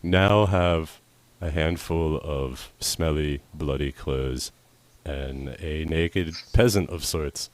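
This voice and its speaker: A man running a tabletop game as dungeon master, chatty and quick with asides, often laughing. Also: a bass voice. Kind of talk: narrating a tabletop game on a livestream.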